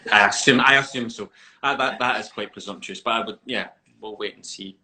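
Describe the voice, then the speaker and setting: A man's voice: fairly low pitch, brisk, pushed and bright, low-quality recording. A man, chatting as an interviewed actor over a video call and telling stories with laughter and animation. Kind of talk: casual chat.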